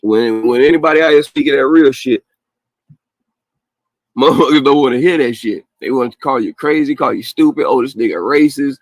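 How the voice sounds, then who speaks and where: Podcast host, male, mid-pitch, casual profane rant, dry close mic. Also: brisk, no room sound. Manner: blunt, profane, animated, with laughs and mocking quotes.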